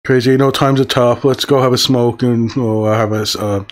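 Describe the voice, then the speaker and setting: A man's voice: mid-range voice, fairly even intonation, moderate pace, lightly acted. A man retelling a film scene and quoting a reckless male cop who coaxes a man off a roof in his own casual voice. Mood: coaxing.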